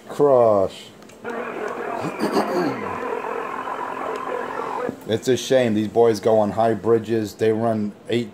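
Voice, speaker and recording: A man trash-talking rivals over a handheld radio mic, boasting and taunting in a slow drawl. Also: lowish voice, noisy background. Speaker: CB radio operator. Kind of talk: on-air radio banter.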